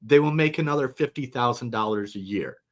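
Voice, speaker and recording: A middle-aged man, a company founder, talking casually as a webinar guest, relaxed and rambling with restarts. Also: medium pitch, a little fast.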